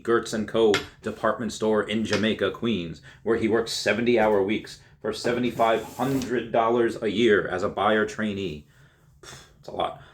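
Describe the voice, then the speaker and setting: A man's voice: on the low side, a little hiss or hum. A young man reading a magazine story aloud, often stopping to laugh and add casual comments of his own. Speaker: YouTuber reading an article.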